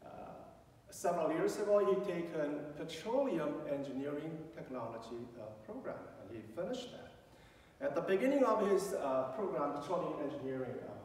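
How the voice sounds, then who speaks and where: A middle-aged man preaching a sermon as a pastor, telling a story conversationally with many fillers. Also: a little high. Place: large church sanctuary. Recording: echoey church hall from far off, faint noise.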